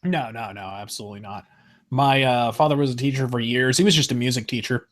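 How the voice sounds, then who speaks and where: A man's voice: medium pitch, fast. A man, a guest on a live talk show, telling an anecdote in casual chat. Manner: expressive anecdote-teller. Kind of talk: animated storytelling in casual chat.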